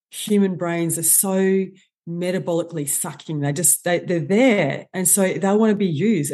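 A woman talks with eager, animated energy, piling up quick examples as she explains. Her voice sits a little low and sounds soft and mellow. It is a relaxed podcast conversation. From Australia. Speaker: guest expert on stress and performance.

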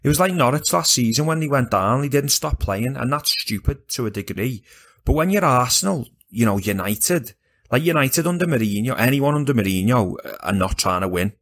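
A man's voice: mid-range voice, fairly quick. Chatty sweary man talking football. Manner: animated, sweary, rambling with restarts. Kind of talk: casual football chat.

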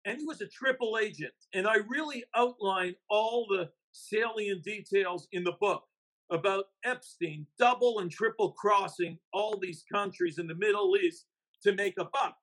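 A man's voice: sits high, moderate pace, fairly bright tone, poor audio. A man, an investigative reporter and author, talking emphatically as a podcast guest. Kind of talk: casual podcast interview.

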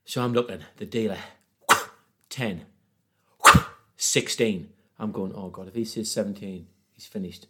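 A man's voice: lowish voice, unhurried, pauses often, a little hiss or hum. A man telling a rambling story in casual chat, laughing and acting out voices. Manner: animated, laughs through his stories, acts out voices.

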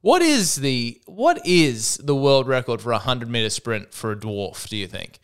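A man's voice: mid-range voice, sing-song, unhurried, clean tone. A man hosting a solo podcast, rambling with wry asides and frequent restarts. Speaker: podcast host. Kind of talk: solo comedic podcast monologue.

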